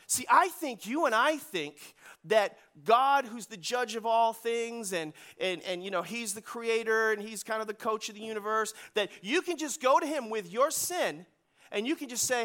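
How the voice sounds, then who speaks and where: A man pastor preaching a sermon in a church, animated and calling for responses from the congregation. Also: very high voice, a little fast. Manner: animated preaching with audience call-and-response and rising emphasis. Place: church sanctuary.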